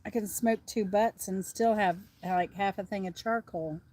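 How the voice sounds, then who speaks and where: A middle-aged livestream host from the Southern United States chats casually and rambles outside. Her medium-pitched voice has a darkish tone and fairly even intonation, and she is unhurried.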